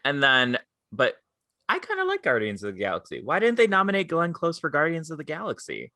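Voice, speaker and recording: Lively, bright-voiced young man chatting. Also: fairly high pitch, a little fast. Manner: animated storytelling, quotes people with voices. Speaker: podcast co-host. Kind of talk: casual chat.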